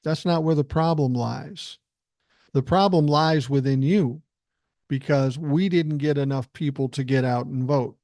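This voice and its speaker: A man's voice: fairly high pitch, measured pace, a little mellow, no echo, clean studio sound. An older man hosting a solo podcast, talking bluntly and emphatically, with frequent swearing. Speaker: podcast host. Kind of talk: solo political podcast monologue.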